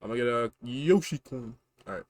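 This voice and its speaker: A tired man streaming a video game, talking in low, mumbling, self-mocking asides. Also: a little fast, no room sound. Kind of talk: casual game-stream commentary.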